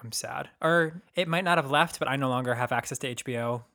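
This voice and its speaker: Bright-voiced joking man. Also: mid-range voice, fairly quick. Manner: wry, joking, swears casually. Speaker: performer on a cruise ship. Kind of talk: casual podcast chat.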